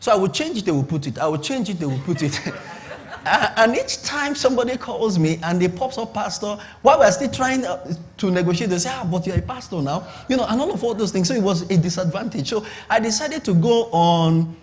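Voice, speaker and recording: A man's voice: high voice, lively intonation, brisk, a little hiss or hum. A middle-aged Nigerian man preaching a sermon on business, emphatic and repetitive, checking in with his audience. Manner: emphatic, repeats points and asks the audience to confirm. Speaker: pastor.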